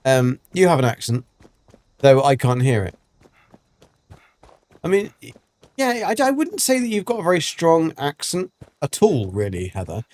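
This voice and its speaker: A man's voice: on the high side, huge pitch swings, normal speed, long pauses, a little mellow. Chatty man streaming a game. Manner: chatty, rambling, many ums and restarts. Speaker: gaming streamer. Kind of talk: casual gameplay commentary.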